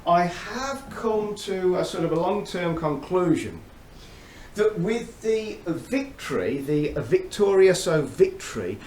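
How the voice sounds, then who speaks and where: A man's voice: sits high, darkish tone. A middle-aged man reviewing fragrances in a chummy, chatty, storytelling way. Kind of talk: casual chat to camera. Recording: roomy echo, faint background noise.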